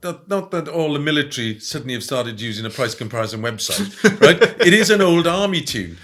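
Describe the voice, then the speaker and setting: A man telling stories in a casual interview, animated and often adding "right?". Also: on the high side, brisk. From Wales. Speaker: guest.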